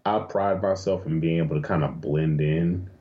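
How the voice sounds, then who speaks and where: A man being interviewed as a guest, chatting casually and telling lively, profane stories with plenty of laughter. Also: deep voice, moderate pace, dull audio. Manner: animated, profane storytelling with frequent laughs. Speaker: interview guest, adult film performer. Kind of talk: casual chat.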